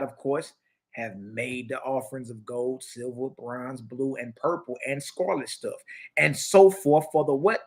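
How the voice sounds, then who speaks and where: A man giving a mocking, slangy religious lecture, reading passages from a book aloud and riffing on them. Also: medium pitch. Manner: mocking, preachy, slangy and lively, reads passages aloud then riffs. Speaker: teacher.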